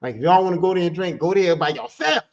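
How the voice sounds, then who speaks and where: A man hosting a podcast who tells a story in a casual monologue. He talks with animated energy, swears freely and repeats phrases for emphasis. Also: high-pitched, quick pace, muffled recording. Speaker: podcast host.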